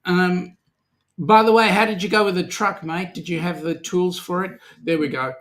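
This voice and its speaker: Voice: medium pitch, fairly even intonation, moderate pace, fairly bright tone. A co-host with an Australian accent, chatting casually on a live stream, reading out and joking about viewer comments. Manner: jokey, chatty, greets viewers by name.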